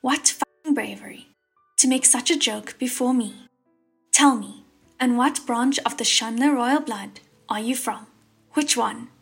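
A woman voicing an arrogant, hot-tempered ghost king in an audiobook, with a slow, mocking drawl. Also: on the high side, creaky, slightly rough, soft background music, exaggerated voice. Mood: mocking anger.

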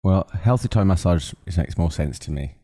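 A man from England co-hosting a casual podcast chat, easygoing and quick to agree. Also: low-pitched, animated, warm tone. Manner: easygoing, lots of back-channel agreement. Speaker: podcast co-host.

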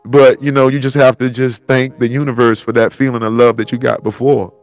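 A man's voice: mid-range voice, steady tone, moderate pace, no echo, soft background music. A man hosting a solo podcast, thinking aloud in a rambling, profane, heartfelt way. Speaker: podcast host. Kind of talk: solo reflective monologue.

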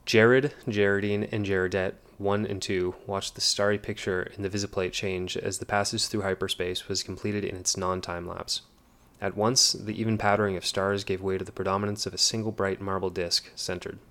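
A male narrator reads an audiobook in a measured, even manner. His very low voice stays level, with little rise or fall.

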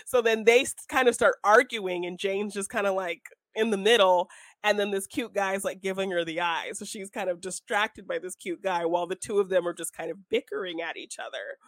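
A woman's voice: medium pitch, fairly quick, no echo. A young woman co-hosting a casual film chat, talkative, laughing often and acting out scenes in quoted voices. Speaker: podcast co-host reviewing a film.

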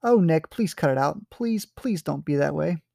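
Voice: mid-range voice, animated, normal speed, creaky, dark tone, no echo, clean studio sound. A teacher reading an earnest young woman's pleading lines aloud from a short story.

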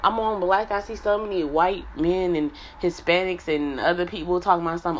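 A woman's voice: lowish voice, fairly even intonation, fast talker, hardly any pauses, highs cut off. A woman ranting bluntly and profanely at her viewers, confrontational and fed up. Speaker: app streamer.

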